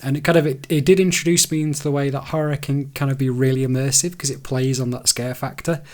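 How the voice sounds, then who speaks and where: A man's voice: mid-range voice, steady tone, fast, a little mellow. A young man co-hosting a gaming podcast, rambling through stories in casual chat and laughing as he goes. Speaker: podcast co-host.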